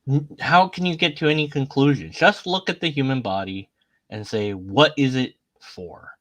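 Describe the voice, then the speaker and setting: A man's voice: on the high side, animated, normal speed. A man hosting a casual online video, talking sarcastically through a string of questions and mock voices. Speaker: YouTube host. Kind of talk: casual commentary on images.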